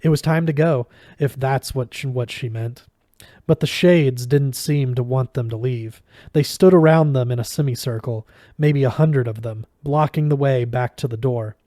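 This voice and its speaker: Mellow-voiced man reading a novel. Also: medium pitch, no echo, studio quality. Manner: steady reading with small stumbles. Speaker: audiobook reader.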